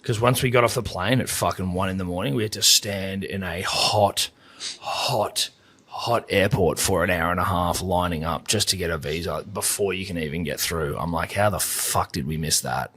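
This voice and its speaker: A man's voice: low voice, steady tone, normal speed, sharp tone, slightly rough. A man in his thirties, casually telling holiday stories on a podcast, swearing freely. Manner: sweary, laid-back storytelling. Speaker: podcast co-host. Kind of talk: casual chat.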